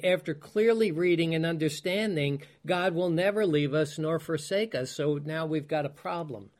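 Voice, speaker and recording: A man preaching a teaching sermon, unhurried, with many fillers and restarts and emphatic repetitions. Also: on the high side.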